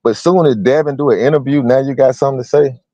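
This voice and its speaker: A man's voice: mid-range voice, quick pace, mellow, no echo, lo-fi sound. A man in casual boxing chat, laid-back, slangy and opinionated.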